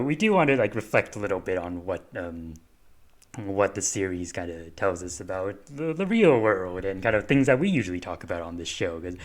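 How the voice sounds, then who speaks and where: A young man with a lowish voice talks through a review on a podcast. He stumbles over his words and restarts often, keeping it casual. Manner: halting, many fillers and restarts. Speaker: podcast co-host.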